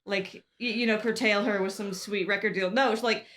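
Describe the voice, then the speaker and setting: A woman's voice: mid-range voice, fairly even intonation, brisk, a bit bright. Giggly woman chatting about a movie. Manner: giggly, fills talk with "like" and "uh". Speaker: podcast co-host. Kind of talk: casual movie review chat.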